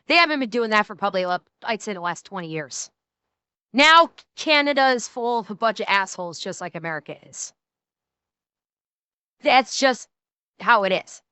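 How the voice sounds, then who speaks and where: A woman's voice: on the high side, bright, forceful tone, clear, resonant tone, no room sound. A woman co-hosting a reaction stream in casual chat, blunt and profane, often restarting her sentences.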